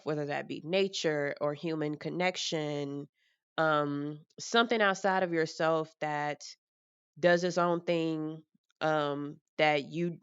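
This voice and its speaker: Frank, low-voiced young woman musing aloud. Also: clean tone, no room sound, muffled recording. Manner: frank and rambling, with mild swearing. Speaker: vlogger. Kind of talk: casual personal talk.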